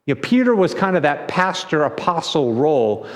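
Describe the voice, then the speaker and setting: Male pastor, sermon delivery, conversational and animated, high pitch, reverberant sanctuary. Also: normal speed. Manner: animated storytelling with acted-out quotes; conversational, repeats words. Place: church sanctuary. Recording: long church reverb.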